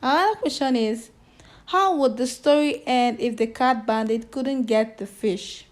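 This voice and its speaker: A woman teacher with a Nigerian accent reads a short story to children and then reviews it with them. Her voice sits high, and she goes slowly and deliberately. She spells new words out letter by letter. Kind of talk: reading aloud and teaching children.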